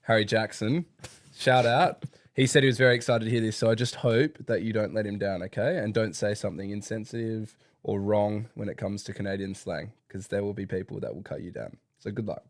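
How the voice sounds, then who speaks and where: A man's voice: on the low side, steady tone, fairly quick, no room sound, studio quality. A young man from Australia co-hosting a podcast in casual, playful, teasing banter. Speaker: podcast co-host. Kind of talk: casual chat.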